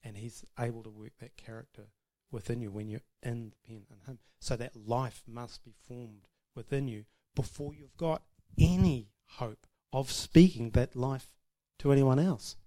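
A man's voice: mid-range voice, moderate pace, few pauses, mellow. A man giving an informal, self-deprecating testimony about marriage to a church audience, laughing often. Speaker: speaker sharing about marriage.

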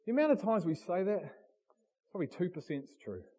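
A male pastor preaches a passionate sermon. He speaks bluntly and fires direct questions at the congregation. His voice sits high and comes through husky. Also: sing-song, a little fast, dark tone.

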